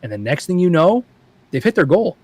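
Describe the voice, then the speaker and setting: A man's voice: a little high, big pitch swings, a little fast, breathy edge, no echo. A man guest on a podcast, chatting casually and animatedly, acting out quoted voices as he tells stories. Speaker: paintball YouTube creator, guest.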